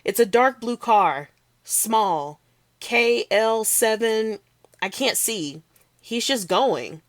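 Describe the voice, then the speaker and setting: A woman's voice: fairly high pitch, lively intonation, slow pace, no room sound, voice pushed up. Woman voicing a panicked man calling for help. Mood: urgent. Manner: panicked, shouting bursts. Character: frantic male bystander calling for help. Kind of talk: read-aloud novel.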